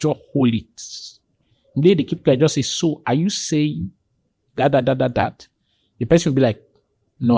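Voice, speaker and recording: Warm with a breathy edge and no echo, a man's voice carries animated conversational storytelling on a podcast where he's a guest. He acts out the voices of the people in his tales, his pitch shooting suddenly high when quoting them.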